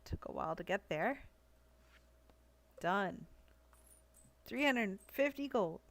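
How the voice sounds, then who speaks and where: A woman's voice: medium pitch, lively intonation, slow, creaky. A young woman streaming a cozy farming game, chatting casually with viewers, giggling often as she reads their messages aloud. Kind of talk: casual live-stream chat.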